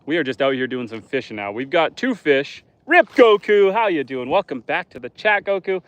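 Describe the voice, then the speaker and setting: A man's voice: medium pitch, animated, a little fast, a bit bright, no echo, dull audio. Casting note: laid-back male homesteader from northern Canada, live-streaming by a lake, chatty and joking with viewers. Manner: chatty, joking, talks to chat while fishing. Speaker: homesteader and livestreamer. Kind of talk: casual live stream chat. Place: outdoors by a lake.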